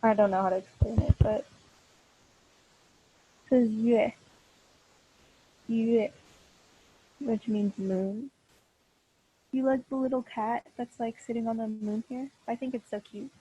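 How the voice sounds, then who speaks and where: A young woman teaching a live online class, speaking very slowly and patiently through a computer mic. Her voice is mellow and a little husky, a bit higher than most, and she keeps stopping to restart her sentences. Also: steady tone, lo-fi sound. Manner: slow, patient explaining with frequent fillers and restarts. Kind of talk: online class lesson over video call. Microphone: computer mic on a video call.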